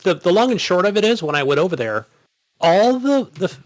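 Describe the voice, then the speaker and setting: A man with a lively, swooping voice on a gaming podcast, telling a rambling story in casual chat. The sound is dry and close, with no room around it. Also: sits high, a little fast, no echo. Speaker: podcast co-host.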